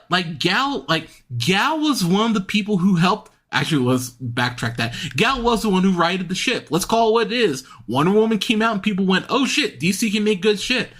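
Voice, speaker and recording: A man's voice: a little high, fairly bright tone. Heated, cursing man ranting. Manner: heated, profane, exasperated ranting with sarcastic mock voices. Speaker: podcast host. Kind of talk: ranting podcast commentary.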